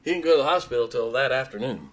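A man preaching, telling a personal story with emotion and dropping his voice low in tender moments. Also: animated, racing. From Ohio. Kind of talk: sermon storytelling.

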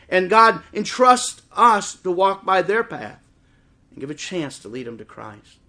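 A middle-aged man preaching a sermon in church, impassioned and swelling toward shouts. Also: a little high. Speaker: pastor. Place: church service before a congregation.

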